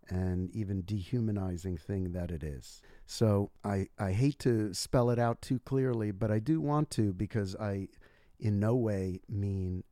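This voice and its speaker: A man speaks as an interview guest, explaining his views in a thoughtful, measured way. His voice is lowish and mellow. The recording is dry and close. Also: no room sound. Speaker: guest author. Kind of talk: casual interview talk.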